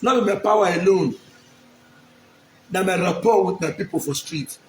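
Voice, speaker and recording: This high-pitched man, an aspiring local politician from Edo State, Nigeria, speaks at a moderate pace with a Nigerian accent. He makes an emphatic, pleading public appeal straight to the camera, going over his lines repeatedly, in a roomy space with a little hiss or hum.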